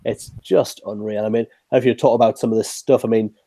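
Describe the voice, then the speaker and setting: A man co-hosting a podcast in casual chat, excitable and quick to laugh. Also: on the low side, creaky, dry recording. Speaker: podcast co-host. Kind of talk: casual fan discussion.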